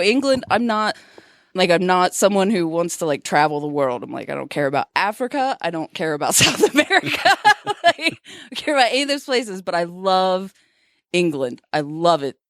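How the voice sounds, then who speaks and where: A woman's voice: mid-range voice, animated, a little fast, no room sound. A woman in her thirties co-hosting a casual podcast, self-deprecating and laughing often. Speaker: podcast co-host.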